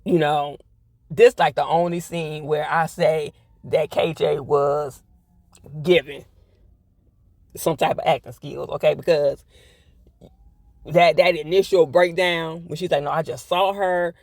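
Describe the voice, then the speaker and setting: A man's voice: a little high, steady tone, measured pace, gravelly, long pauses, no room sound, clean studio sound. A man giving a casual, blunt TV episode review, swearing freely and repeating his points for emphasis. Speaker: TV show reviewer.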